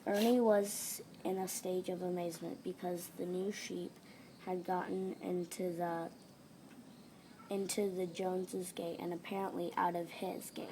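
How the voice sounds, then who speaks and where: A woman's voice: fairly low pitch, little pitch movement, unhurried. A woman reading a children's story aloud with plain, careful narration over a noisy home recording.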